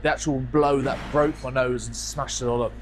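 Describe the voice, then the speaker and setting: A man with a nasal, croaky voice that sounds like he has a cold, hosting a scrapyard vlog in quick, jokey casual chat outdoors. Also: medium pitch, steady tone. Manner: fast-talking, jokey. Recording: music playing under the voice.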